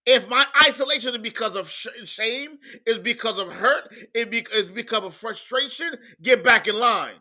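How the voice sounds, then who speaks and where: A man preaching a sermon in an emphatic, repetitive style, moving between quiet stretches and loud outbursts. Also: extremely high pitch, expressive, normal speed, few pauses. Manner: emphatic preaching, repeats words, swings from soft to loud.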